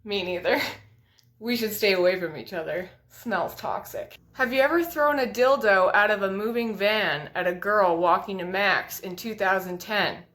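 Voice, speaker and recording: A young woman delivering a deadpan comedy monologue of absurd one-liners, recorded on a household item used as a mic. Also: mid-range voice, moderate pace, echoey room.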